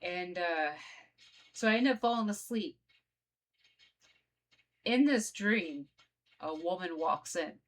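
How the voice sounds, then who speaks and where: Woman chatting to her viewers, telling a story, kinda low voice. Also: animated, slow pace, long pauses. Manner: conversational, addresses viewers directly. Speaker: vlogger. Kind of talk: casual personal storytelling.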